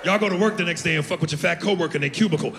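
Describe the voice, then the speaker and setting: A man's voice: sits high, racing, noisy background. Brash man doing crude crowd work. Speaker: stand-up comedian. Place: comedy club stage.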